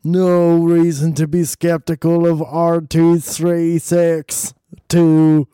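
A man voicing a defensive robot that is really a man in a costume, with a loud, stiff, slowed, mock-robotic delivery. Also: fairly high pitch, flat delivery, clear, resonant tone, no room sound, clean studio sound, voice pushed up.

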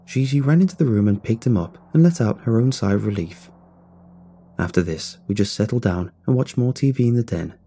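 A man narrating a first-person scary story in a calm, low-key way. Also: fairly quick, a little hiss or hum.

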